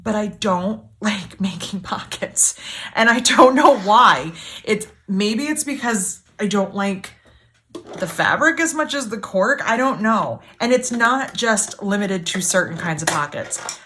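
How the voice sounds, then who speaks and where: A woman's voice: medium pitch, animated, measured pace, a bit bright. A woman hosting a casual sew-along, chatty and self-deprecating, grumbling as things go wrong. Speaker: sewing channel host. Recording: clear background machine noise. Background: sewing machine running.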